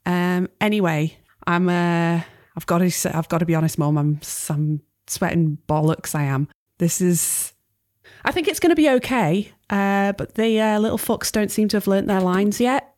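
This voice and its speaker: A woman's voice: fairly low pitch, moderate pace, darkish tone, no room sound, studio quality, natural voice. A woman voicing a stressed young adult daughter, frazzled and sweary.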